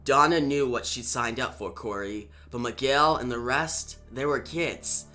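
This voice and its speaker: A man voicing a weary male superhero veteran in a quiet, low-key way. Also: unhurried, soft background music. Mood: subdued.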